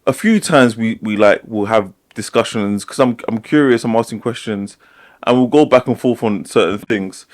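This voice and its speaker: A man's voice: on the low side, moderate pace. A man co-hosting a casual podcast, rambling and restarting his thoughts often. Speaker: podcast co-host. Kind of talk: casual chat.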